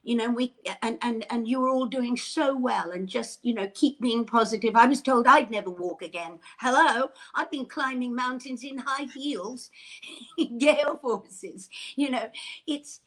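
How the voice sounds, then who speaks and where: A woman's voice: a little high, a little slow. Bubbly, effusive older woman. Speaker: interview guest. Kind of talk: casual chat.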